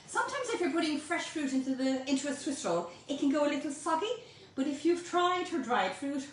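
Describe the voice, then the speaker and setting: A woman's voice: high-pitched, very echoey, distant mic, a little hiss or hum. An Irish woman teaching a home baking class, chatty and playful, talking straight to her viewers. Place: home kitchen.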